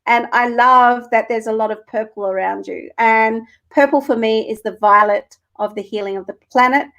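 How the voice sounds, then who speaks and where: Woman, spiritual card reader on a live stream, earnest, emotional, sweary, slightly high voice. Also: fairly even intonation, normal speed, a bit bright. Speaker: co-host reading cards for viewers.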